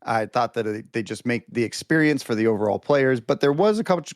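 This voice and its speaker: A man's voice: medium pitch, fast, dry recording, clean studio sound. A man as a podcast guest, telling stories in casual chat with lots of fillers and restarts. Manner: animated storyteller, many fillers and restarts.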